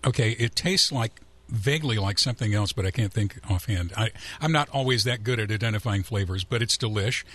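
A man's voice: fairly low pitch, fairly quick, fairly bright tone. A man hosting a radio interview, asking rambling, playful questions with many restarts. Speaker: radio host. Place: radio studio.

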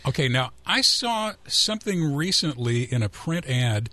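Male radio host, mid-pitched, hesitant and playful, close and dry in the studio. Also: big pitch swings, a little slow, sharp tone, no room sound. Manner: rambling, hesitant, playful questions. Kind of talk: radio interview.

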